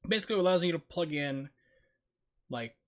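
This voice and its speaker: A man streaming a retro game, chatting casually in a rambling, filler-heavy way and quick to break into a rant. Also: fairly high pitch, animated. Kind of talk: casual live-stream chat while gaming. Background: game music.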